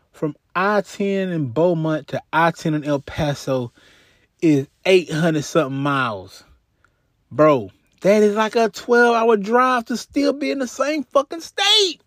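Texan podcast storyteller, profane and lively, pitch all over the place, dry sound. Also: male voice, takes it slowly, dry recording. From Houston, Texas. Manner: animated, profane, swings into character voices. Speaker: podcast host.

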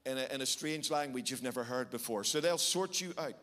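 A middle-aged man with a Belfast accent, preaching a sermon and telling a lively story with shifting pace for emphasis. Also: medium pitch, fairly quick. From Northern Ireland. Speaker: pastor.

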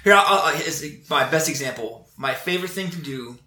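A man's voice: fairly high pitch, animated, normal speed, pushed and bright, reverberant, a little hiss or hum. A man in casual conversation, telling earnest stories about training recruits, with frequent restarts. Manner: earnest, storytelling, many restarts. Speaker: Air Force instructor.

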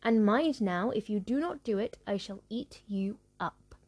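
A woman's voice: medium pitch, expressive, unhurried, darkish tone, husky. A woman voicing a cunning, menacing old witch in a storybook reading, speaking in commanding threats.

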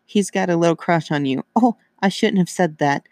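A man's voice: a little high, moderate pace, dry recording, clean studio sound, natural voice. A man doing a fussy, gushing neighbor woman. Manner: gushing, pleading. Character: anxious, fussy middle-aged woman neighbor, doting cat owner.

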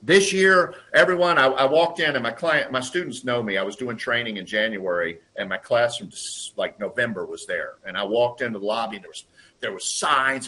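A man in a conversational interview, telling workplace stories and acting out quotes in lively voices. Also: medium pitch. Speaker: guest, lean process consultant and trainer.

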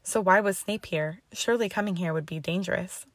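A woman's voice: lowish voice, brisk, dry recording, natural voice. A woman reading the lines of a young student witch, tense, upset and pleading, in a storybook reading. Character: distressed, defiant young female student witch.

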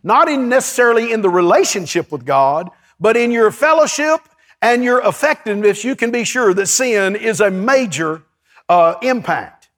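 Casting: preacher, high-pitched man, animated storytelling sermon with call-and-response. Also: moderate pace. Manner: lively, storytelling, calls to the congregation. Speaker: pastor. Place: church before a congregation.

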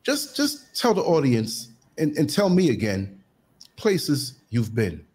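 A man hosting a podcast, asking his guest questions in a deferential, measured way. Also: medium pitch, huge pitch swings, a little mellow, husky. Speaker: podcast host. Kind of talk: interview questions.

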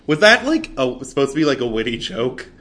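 A man's voice: medium pitch, very animated, a little fast, a bit bright. A young man in college chatting casually about a movie, giggling often and packing his talk with fillers. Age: young adult. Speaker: college student reviewing a movie. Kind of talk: casual chat.

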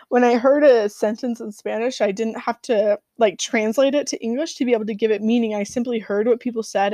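Halting young American woman telling a story. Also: mid-range voice, dry recording. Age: young adult. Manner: halting, with frequent fillers and restarts. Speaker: returned missionary. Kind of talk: personal storytelling.

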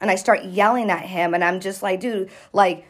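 Brief: woman, casual storyteller, animated and profane, acts out every quote. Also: medium pitch, brisk. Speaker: storyteller recounting a fight. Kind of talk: casual group chat.

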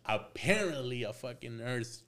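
A man's voice: mid-range voice, lively intonation, a little slow, a bit bright. A man who works as a tattoo artist, telling stories as a podcast guest in a casual, profane, slangy way, dropping in Spanish phrases and acting out both sides of old conversations.

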